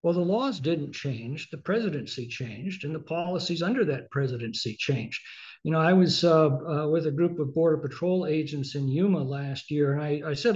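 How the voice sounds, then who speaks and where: Congressman guy answering questions slow and measured, lotta uhs, kinda muffled audio. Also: fairly high pitch, darkish tone. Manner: measured, with frequent uh fillers. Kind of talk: interview answers.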